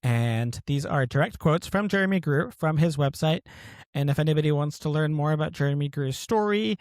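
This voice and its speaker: A man's voice: medium pitch, a little mellow, no echo. Guy from near boston chatting on a podcast, joking around, dry close sound. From outside Boston, US. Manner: chatty and joking, reads quotes aloud. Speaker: podcast co-host. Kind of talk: casual podcast chat.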